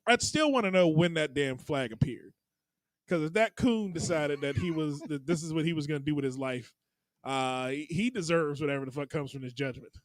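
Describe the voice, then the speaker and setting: A man's voice: on the high side, brisk, dry recording, poor audio. A man co-hosting a comedy podcast in casual banter, laughing often and restarting his words. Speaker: podcast co-host.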